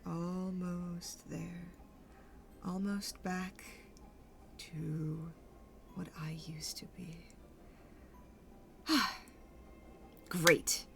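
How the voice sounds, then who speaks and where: A woman playing a vain arcane schemer, breathy drawl. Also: mid-range voice, expressive, slow pace, long pauses, slight background noise, pitched above the performer's own voice. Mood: relieved. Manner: airy half-whispered drawl, mocking. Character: vain scheming arcane troupe leader, ageless, cruel.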